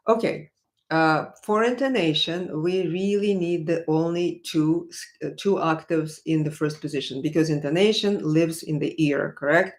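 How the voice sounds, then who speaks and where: A woman's voice: deep voice, normal speed. A woman teaching violin on a live stream, answering viewers' questions in a chatty, encouraging way full of fillers and restarts. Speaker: violin professor.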